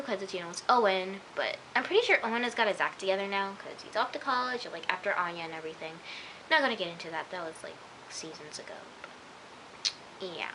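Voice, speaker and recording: A woman's voice: medium pitch, expressive, quick pace, fairly bright tone, a little hiss or hum, poor audio. A woman chatting casually to camera at home, rambling with lots of "like" and "oh my gosh" as she reviews an episode. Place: at home, in pajamas.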